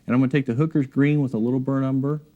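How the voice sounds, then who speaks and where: A man giving a relaxed, encouraging painting demonstration in his studio, talking while he works. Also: medium pitch, rapid-fire, lo-fi sound. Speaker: painting instructor. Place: art studio.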